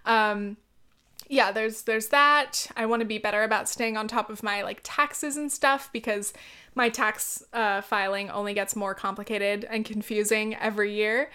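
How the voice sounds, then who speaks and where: A woman's voice: medium pitch, steady tone, moderate pace, pushed and bright, clear, resonant tone. A young woman in casual chat as a YouTuber, rambling and filler-heavy, with many ums and likes.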